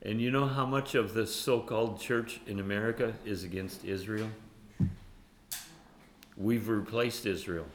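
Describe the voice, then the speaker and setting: A man teaching a conversational sermon who reads scripture aloud and laughs often, animated and self-mocking. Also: lowish voice, unhurried, a little hiss or hum. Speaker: Bible teacher.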